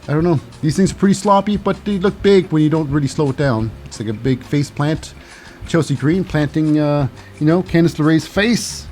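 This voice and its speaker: A man's voice: a little high, a little mellow. Rambling, hesitant man hosting a recap. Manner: rambling, halting, full of uh and what's that; cynical, wry. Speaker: host. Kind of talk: casual wrestling recap commentary.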